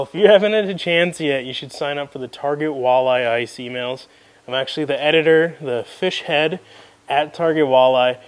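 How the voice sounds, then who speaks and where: Young host, easygoing and folksy, voice a touch high, for a chatty gear rundown. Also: male voice. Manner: relaxed, folksy, conversational with fillers. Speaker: fishing video host. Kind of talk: casual gear rundown to camera.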